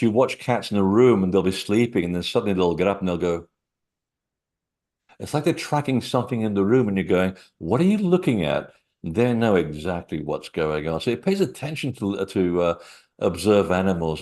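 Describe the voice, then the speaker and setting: A man's voice: deep voice, a little fast, a little mellow. A middle-aged man, a guest author, talking casually in an interview and telling rambling anecdotes with many fillers.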